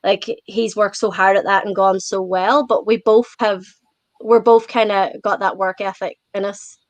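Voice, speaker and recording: A woman with an Irish accent, a guest in a casual interview chat, chatty and quick to laugh as she tells stories. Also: mid-range voice, fairly even intonation, no room sound. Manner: chatty, laughs often while telling stories.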